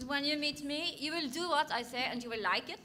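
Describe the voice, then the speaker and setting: A woman's voice: high voice, brisk, natural voice. A woman doing a bossy, haughty photographer voice. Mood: imperious. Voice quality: thick put-on accent. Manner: haughty, commanding. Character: imperious bossy female photographer with thick accent. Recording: noisy convention hall with crowd.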